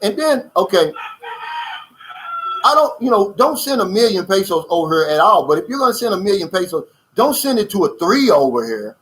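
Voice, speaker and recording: A man's voice: sits high, big pitch swings, normal speed, fairly bright tone, low-quality recording. A man hosting a casual livestream, reading out viewer comments and giving blunt, emphatic opinions and addressing listeners as "man.".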